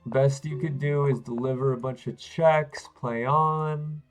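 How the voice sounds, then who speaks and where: A man's voice: mid-range voice, steady tone, unhurried, faint music behind, low-quality recording. A man streaming chess games live, talking to himself and his viewers as he plays, swinging between hype and frustrated muttering. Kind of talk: live-stream commentary while playing.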